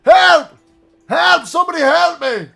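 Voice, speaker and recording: A man's voice: sits high, normal speed, gravelly, music in the background, voice pushed up. A man voicing a cowardly, drunken male gambler who whines, stammers and begs. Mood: panicked. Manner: whining, stammering, begging.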